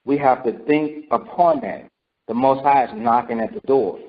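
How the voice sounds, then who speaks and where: On a dull lo-fi recording, a medium-pitched man at normal speed leads a scripture study as a sermon. He's repetitive and invites responses by asking "right?" and "okay?"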